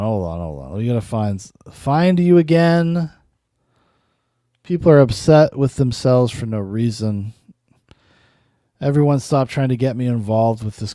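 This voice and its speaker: Dry, mellow-voiced man riffing sardonically. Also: mid-range voice, dry recording. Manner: sardonic, laughing, cursing asides. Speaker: podcast host. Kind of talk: casual reaction commentary.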